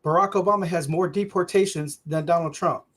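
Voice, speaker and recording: Man, co-host, casual debate, fairly high voice, insistent and repetitive. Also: fairly quick, fairly bright tone. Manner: insistent, repeats his points, stumbles over restarts.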